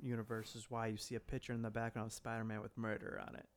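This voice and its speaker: A man's voice: fairly low pitch, level tone, fast, a crowd in the background. A man co-hosting a casual movie chat, gushing enthusiastically and swearing freely. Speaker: podcast co-host.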